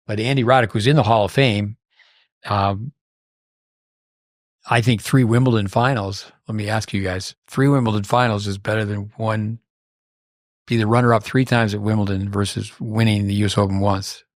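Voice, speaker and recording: A man's voice: on the low side, steady tone, moderate pace, no echo, studio quality. An older man hosting a podcast, telling long rambling anecdotes full of fillers and restarts in casual chat. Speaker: podcast host.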